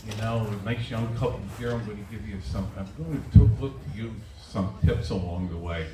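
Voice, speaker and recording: Fairly low in pitch, he talks fairly quickly with few pauses, a sixty-something comedian running a self-deprecating set for a winery crowd. The echoey audio comes from a camera mic on a tripod far at the back, with the audience audible.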